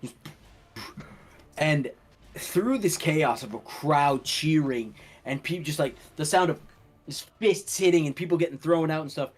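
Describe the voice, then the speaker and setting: A young man running a tabletop game as dungeon master, telling the scene in an animated way and laughing often. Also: fairly high pitch. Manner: slow, animated storytelling with laughter.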